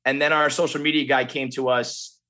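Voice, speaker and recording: A man's voice: mid-range voice, flat delivery, a little fast, sharp tone. A man as a podcast guest in casual chat, telling rambling stories with plenty of swearing. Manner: profane, rambling storyteller.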